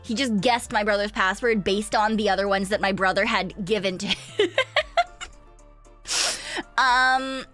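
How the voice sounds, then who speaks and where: A woman's voice: medium pitch, measured pace, pauses often, fairly bright tone, faint music behind. A young woman, streaming and telling a rambling story in casual chat, swearing freely. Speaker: VTuber streamer.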